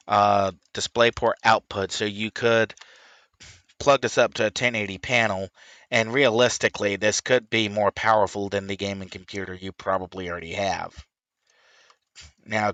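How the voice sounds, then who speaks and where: A man chatting casually as he plays a game, rambling with sudden high excited whoops. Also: smooth, dry recording. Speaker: gaming streamer. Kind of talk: casual chat while playing.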